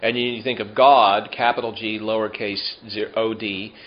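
A man teaching a Bible study in a relaxed, conversational way, slowing down to explain Hebrew words and asking the listeners questions. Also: lowish voice, muffled recording.

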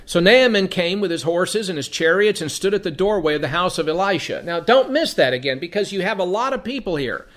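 High-pitched guy doing a bible teaching, reads the verses then explains them casually, repeats himself a lot. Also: animated, brisk, hardly any pauses, fairly bright tone. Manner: explains verse by verse, reading passages then commenting; repeats words while thinking. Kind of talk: conversational scripture teaching.

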